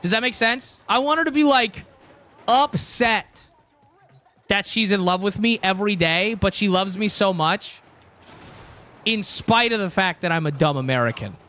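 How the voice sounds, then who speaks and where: A man's voice: high voice, normal speed, sharp tone. A young man streaming, chatting casually and rambling with jokes to his chat. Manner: rambling, joking, talks to chat.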